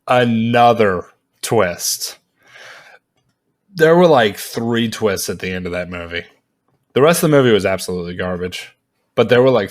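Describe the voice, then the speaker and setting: A man casually reviewing a movie in a vlog, rambling and animated, with lots of fillers and frequent laughs. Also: fairly low pitch.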